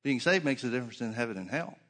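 A man's voice: medium pitch, lively intonation, fast, fairly bright tone. Guy preaching a sermon, keeps asking questions and repeating himself, long echoey hall reverb. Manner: emphatic, repeats key phrases, rhetorical questions.

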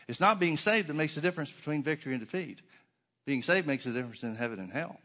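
A man's voice: a little high, animated, fast, pushed and bright. Emphatic male preacher at a church. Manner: emphatic preacher who asks rhetorical questions and repeats for effect. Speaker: pastor. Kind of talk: sermon.

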